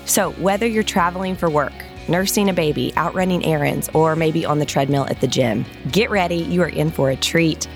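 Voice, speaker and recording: Upbeat woman podcast host with an Oklahoma accent, low voice, bubbly delivery. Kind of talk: scripted intro and casual chat.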